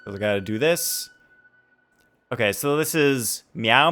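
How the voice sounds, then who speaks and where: A man's voice: mid-range voice, a little slow, fairly bright tone, faint music behind. A man streaming a game, chatting and joking playfully with his viewers. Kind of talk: casual livestream chat.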